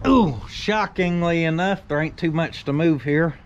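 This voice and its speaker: Folksy man, somewhat high voice. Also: measured pace, dull audio, noisy background. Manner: folksy, joking, country slang. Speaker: shop owner and channel host. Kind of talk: casual vlog commentary. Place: outdoors behind a workshop, by a carport.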